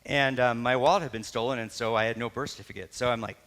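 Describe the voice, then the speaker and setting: Middle-aged guy preaching, pastor telling a story, chatty and self-correcting, kinda bright tone, church hall echo. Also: mid-range voice, quick pace, few pauses. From Canada. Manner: conversational, self-correcting, animated retelling with acted quotes. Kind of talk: sermon with personal story.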